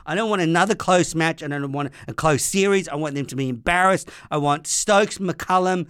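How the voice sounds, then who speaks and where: A man's voice: on the high side, normal speed, hardly any pauses, fairly bright tone, clear, resonant tone, no echo, studio quality. Furious sweary Australian man ranting. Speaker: podcast host. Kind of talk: angry sports rant.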